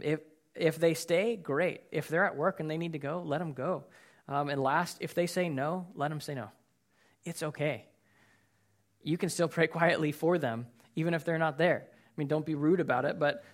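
A man's voice: a little high, fairly bright tone. A man preaching a casual, conversational sermon, telling personal stories in an earnest way with many fillers and repeated words. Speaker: pastor.

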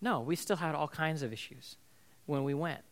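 A man's voice: fairly high pitch, normal speed. A man in his thirties, a pastor, preaching in a conversational storytelling way and often asking his listeners "right?". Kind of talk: sermon.

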